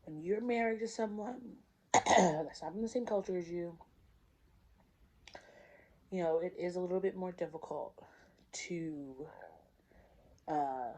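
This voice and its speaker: A woman chatting casually to the camera while eating, pausing between bites and asking viewers questions. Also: fairly low pitch, mellow. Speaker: vlogger. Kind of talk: casual mukbang chat.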